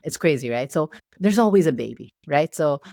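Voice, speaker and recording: A woman from the Philippines, a podcast guest, telling stories in a lively, casual way. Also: low voice, a little fast, vocal fry, no echo, studio quality. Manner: lively storyteller who acts out quoted voices. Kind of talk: casual storytelling chat.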